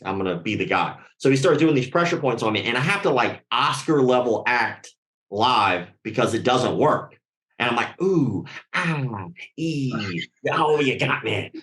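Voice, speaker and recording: Dude telling a crude story, middle pitch, doing voices, roomy echo. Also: male voice, fairly quick. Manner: animated, profane, acts out quoted voices. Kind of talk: casual storytelling.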